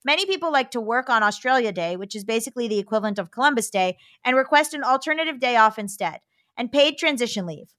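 Bright, high-voiced woman podcast host. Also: quick pace, dry recording, clean studio sound. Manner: steady reading voice, breaks into laughter. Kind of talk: casual podcast chat, reading a listener letter aloud.

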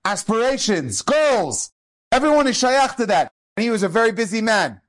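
A man's voice: high voice, moderate pace. A middle-aged man, a rabbi, giving an earnest inspirational eulogy, telling stories with Hebrew and Yiddish terms mixed in. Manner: acts out quoted speech in lively shifting voices.

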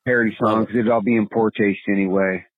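A man leaving a voicemail for a podcast, halting and deadpan as he works up to his joke. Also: fairly low pitch. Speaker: listener caller. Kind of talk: voicemail message. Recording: tinny phone line.

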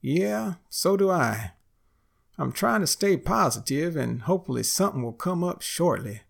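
A man voicing a down-on-his-luck friend with a folksy drawl and a gravelly voice. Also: on the high side, lively intonation, moderate pace, pitched above the performer's own voice. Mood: resigned.

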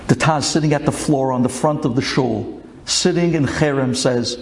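A man telling a religious folk tale in an animated, dramatic way. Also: medium pitch, normal speed, creaky. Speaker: storyteller.

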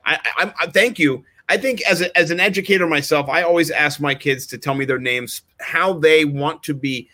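A man hosts a loose sports chat and rambles cheerfully from point to point with jokes. His voice sits somewhat high for a man. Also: normal speed, few pauses, sharp tone. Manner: rambling, jokey and chatty. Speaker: fantasy football co-host.

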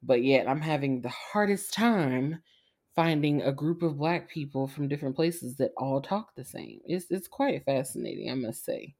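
Woman, low voice, animated, laughs often, casual podcast chat. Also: normal speed. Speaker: podcast co-host.

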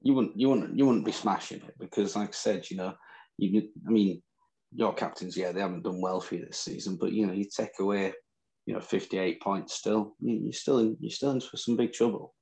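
A man's voice: fairly low pitch, brisk, vocal fry, mellow, rough recording. A man with a Northern English accent, co-hosting a chat podcast and trading boastful, teasing banter. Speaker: podcast co-host. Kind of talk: casual chat about fantasy football.

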